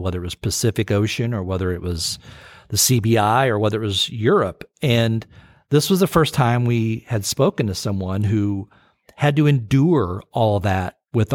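A podcast co-host with a lowish voice tells a story in casual chat, rambling with lots of fillers and restarts. The recording is dry and of studio quality.

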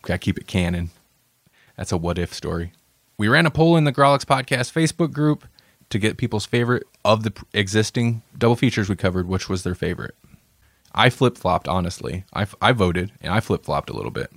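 A man's voice: on the low side, expressive, brisk, dry recording, studio quality. A man hosting a podcast in casual chat, joking and rambling with frequent laughs. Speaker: podcast host.

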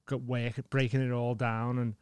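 A man's voice: medium pitch, flat delivery, moderate pace, clean tone, dry recording. A man co-hosting a podcast in easygoing casual chat, often agreeing with "yeah" and "innit". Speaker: podcast co-host.

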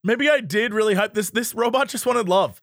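A young man tells a story in casual podcast chat, animated and amused with himself. His voice sits high for a man. The sound is close and dry, with no room around it. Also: a little fast, no room sound.

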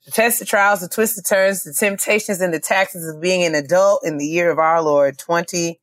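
Lower-pitched woman co-hosting a chat podcast. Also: normal speed, dry recording. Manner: animated storyteller, laughs often. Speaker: podcast co-host. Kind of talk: casual chat.

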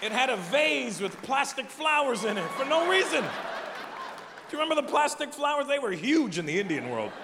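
A middle-aged man performing stand-up on stage, his voice high and bright with a lively, swooping pitch. He talks in an animated, profane, chatty way and riffs with the audience. The sound is a live hall with a long reverb tail and faint ambience behind him. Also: a little fast, a crowd in the background, noisy background. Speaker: comedian. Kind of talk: stand-up comedy.

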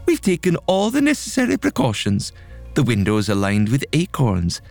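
A male narrator voicing an eccentric old woman who calmly explains her superstitious precautions. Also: medium pitch, normal speed, vocal fry, no room sound, soft background music. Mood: smug.

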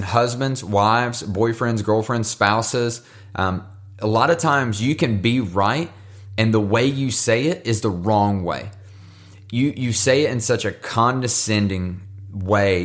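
A man hosting a devotional podcast, talking casually and earnestly, encouraging listeners and often repeating words as he goes. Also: on the low side. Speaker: podcast host.

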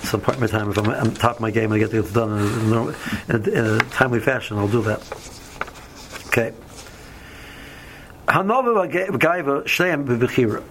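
Male Torah teacher, chatty and rambling, gravelly, faint hiss behind. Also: fairly low pitch, fairly even intonation, fast. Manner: rambling, many fillers, mixes Hebrew and Yiddish terms. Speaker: yeshiva teacher. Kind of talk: casual Torah lecture with stories.

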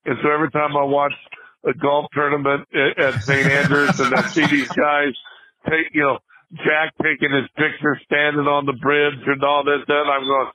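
Over a tinny phone line, an older former basketball player guesting on a podcast laughs and restarts his way through a funny story in casual chat. His voice is on the high side and sharp in tone, with a flat delivery at normal speed.

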